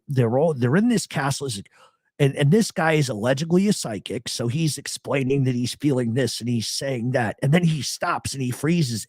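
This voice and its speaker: Recorded dry with clean studio sound, this medium-pitched man hosts a live podcast show. He chats casually in a live-stream setting, telling stories animatedly and swearing freely throughout.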